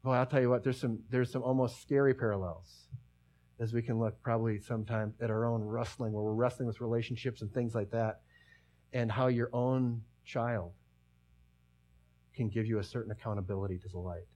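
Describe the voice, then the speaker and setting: Middle-aged male pastor, mid-pitched, chatty sermon delivery that wanders and falls quiet to stress a point. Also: steady tone, fairly quick. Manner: conversational, rambling with many restarts, drops to a hush for emphasis.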